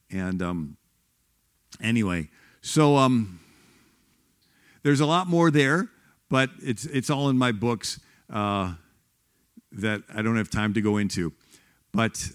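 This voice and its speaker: A man giving a sermon-style history talk in a church, rambling with many restarts and growing fervent. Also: medium pitch. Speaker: guest speaker on church history.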